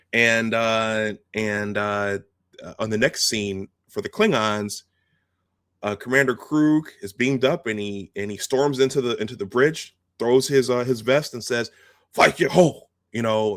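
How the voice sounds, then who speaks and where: A man hosting a video, telling a film's story in a casual, halting, animated way and acting out the scenes. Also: medium pitch, no room sound, clean studio sound. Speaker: host. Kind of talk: casual film retelling.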